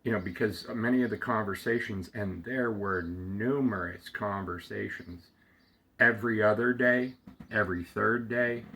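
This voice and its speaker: A man slowly telling a heartfelt personal story, halting often with fillers and restarts, close to tears at times. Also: fairly low pitch, pushed and bright, a little hiss or hum. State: getting emotional. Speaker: storyteller sharing a personal memory. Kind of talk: reflective personal monologue.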